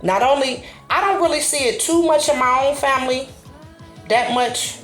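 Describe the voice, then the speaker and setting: A woman hosting her own channel, talking straight to camera in a blunt, profane and animated way, her voice sitting a little high. The room is echoey, with faint music playing underneath. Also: normal speed. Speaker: channel host. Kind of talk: casual commentary vlog.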